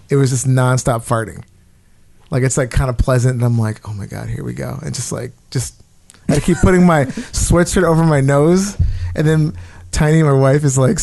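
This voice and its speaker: A man hosting a podcast, telling a story in a casual, animated and profane way. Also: fairly high pitch.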